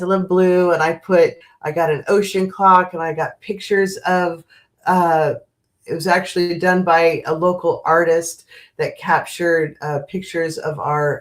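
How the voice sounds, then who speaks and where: A woman hosting a spiritual livestream, chatting gently with viewers and rambling through many fillers and restarts. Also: fairly low pitch. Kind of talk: casual live chat with viewers.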